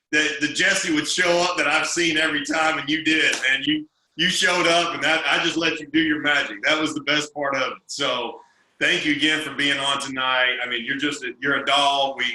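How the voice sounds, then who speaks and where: A man's voice: on the high side, fairly even intonation, moderate pace, bright, forceful tone. A man hosting a group video call, thanking his guest effusively and restarting his sentences. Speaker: host. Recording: echoey video call audio.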